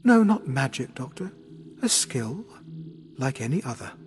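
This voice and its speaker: Guy putting on a calm alien lady minister, clear pleasant voice, bit smug. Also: medium pitch, a little slow. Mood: placid. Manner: calm, placid, faintly complacent. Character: calm, placid alien woman minister in human form.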